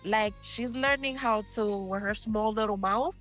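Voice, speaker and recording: A woman's voice: medium pitch, a little slow, a bit bright, soft background music. Slangy laughing book club woman. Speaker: book club podcast co-host. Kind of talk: casual chat retelling a book.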